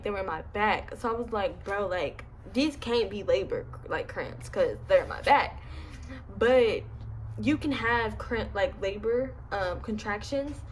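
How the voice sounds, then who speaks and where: Brief: young woman vlogger, noticeable lisp, chatty slangy storyteller, slightly high voice, faint room hiss. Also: rough recording. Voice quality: lisp from braces. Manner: chatty, slangy, animated retelling. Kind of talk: casual storytime. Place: home, indoors.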